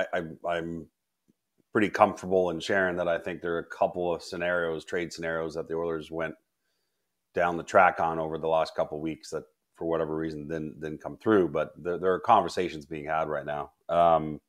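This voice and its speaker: A man reporting hockey insider news on a podcast, measured and confiding, often restarting his sentences. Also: deep voice, steady tone, a bit bright. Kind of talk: casual sports podcast chat.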